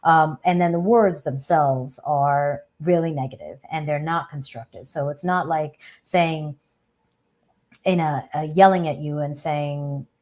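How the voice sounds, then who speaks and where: Low-voiced woman hosting live chat. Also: measured pace, a little mellow. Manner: conversational, often ends points with a questioning "right?"; thinks aloud with fillers and small restarts. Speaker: host of a live Q&A. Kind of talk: casual live chat talk.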